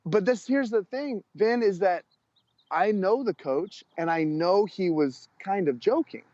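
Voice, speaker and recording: Earnest storytelling man, slightly high voice. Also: animated, measured pace, a little mellow, no echo. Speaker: guest, coach educator. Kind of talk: storytelling interview talk. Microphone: podcast microphone. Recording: dull lo-fi sound.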